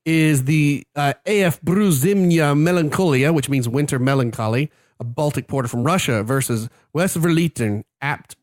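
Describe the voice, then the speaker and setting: A man's voice: a little high, moderate pace, few pauses, no echo, studio quality. A man co-hosting a podcast, chatting casually, joking and tripping over names. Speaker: podcast co-host. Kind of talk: casual chat.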